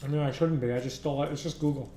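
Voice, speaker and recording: Brief: male coding streamer, excitable, rambling, mid pitch, roomy home room with faint background hiss. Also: racing. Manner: excitable, rambling, repeats words. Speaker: livestreaming programmer. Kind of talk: casual live-stream chat while coding. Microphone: desktop USB microphone.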